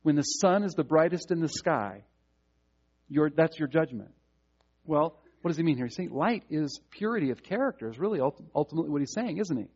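A man with a high voice delivers a sermon, stressing points by repeating single words. His phrases often restart mid-thought. The recording sounds muffled and lo-fi. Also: animated, fairly quick, darkish tone, husky. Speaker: preacher.

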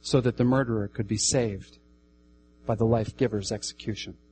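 Man, preacher, sermon, emphatic, repeats phrases, loud then hushed. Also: on the low side, steady tone, normal speed, slight background noise, rough recording. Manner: emphatic, repeats key phrases, swings between loud and quiet.

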